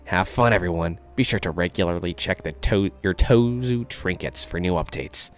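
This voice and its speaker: A man's voice: low voice, normal speed, lightly acted. A man voicing a masked male host of a deadly game, theatrical and mock-polite, while reading a game script aloud. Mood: smug.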